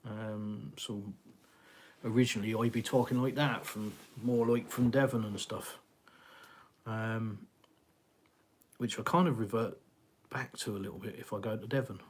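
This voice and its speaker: Husky-voiced English man chatting live. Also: fairly low pitch. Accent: southeastern English with a West Country twang. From England. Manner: rambling, many fillers and restarts, chatty. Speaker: live stream host. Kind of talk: casual live chat reading viewer comments.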